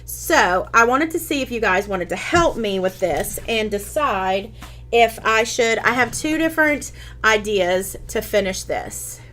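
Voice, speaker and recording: A chatty woman with a slightly high voice hosts a casual craft tutorial streamed live. She talks her viewers through each step and answers their comments as they come in, filling the gaps with ums and quick restarts. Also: expressive, bright, forceful tone, a little hiss or hum.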